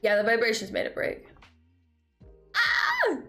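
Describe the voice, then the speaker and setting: A young woman streaming, chatting casually while reacting to videos, excitable and swearing freely. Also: on the high side, normal speed, soft background music.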